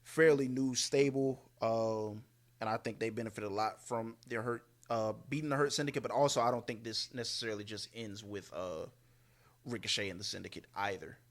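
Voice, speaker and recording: A man's voice: fairly low pitch, fairly even intonation, a little fast. A man co-hosting a podcast, giving casual wrestling predictions with hesitant fillers and joking asides. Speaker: podcast co-host.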